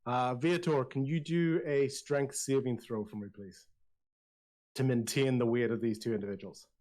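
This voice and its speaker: A man narrating a tabletop game as game master, telling the story in a lively way with many restarts. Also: mid-range voice, moderate pace.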